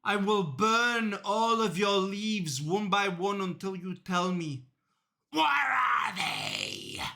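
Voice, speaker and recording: A man doing a slow, menacing cop. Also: high voice, wildly swooping pitch, vocal fry, pushed and bright, full character voice. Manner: slow, threatening, deliberate. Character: stern male cop interrogating a suspect.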